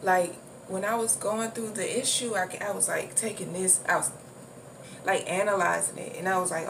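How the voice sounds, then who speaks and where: A woman's voice: mid-range voice, fairly even intonation, normal speed. A woman giving a casual spiritual talk in a loose, repetitive way, swearing now and then. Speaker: spiritual vlogger. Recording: distant mic with clear background noise.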